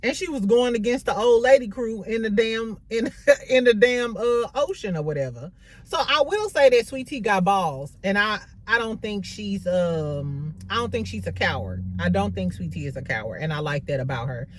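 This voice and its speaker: Woman, gossipy reality TV recap, profane casual chat, lively swooping pitch, mid-range voice. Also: moderate pace. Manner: gossipy, profane, animated storytelling with laughs.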